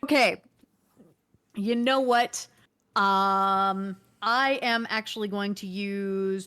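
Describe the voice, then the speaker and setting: A woman playing a character in a tabletop game, speaking earnestly and pausing on fillers as she works things out. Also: mid-range voice, fairly bright tone, clean tone. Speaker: player. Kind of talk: in-character tabletop role-play.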